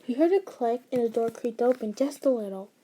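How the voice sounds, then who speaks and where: A woman's voice: fairly high pitch, animated, a little fast, dark tone, slight background noise. Woman casually reading a fanfic aloud. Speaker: storyteller.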